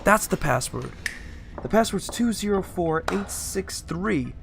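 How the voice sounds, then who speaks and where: A man hosting a let's play, talking himself through a puzzle out loud in an excitable, chatty way. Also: high voice, unhurried, gravelly. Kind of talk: gameplay commentary. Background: loud game music.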